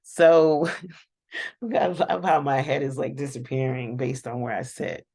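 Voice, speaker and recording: A woman's voice: extremely low pitch, fairly even intonation, a little slow, darkish tone. A woman hosting a casual, rambling reaction recap of a TV episode, chatting to viewers and laughing often. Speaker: show reaction host.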